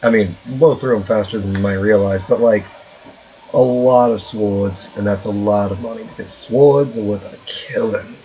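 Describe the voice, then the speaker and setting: A man's voice: lowish voice, normal speed, warm tone, a little hiss or hum, rough recording. Rambling male game streamer. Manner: rambling, many fillers and asides, swears casually. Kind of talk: casual gameplay commentary.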